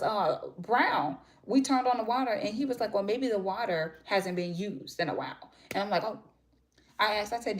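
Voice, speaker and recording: A woman's voice: medium pitch, a little hiss or hum. A young woman, chatting casually to her viewers and rambling through stories. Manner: chatty, rambling, animated storytelling. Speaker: vlogger.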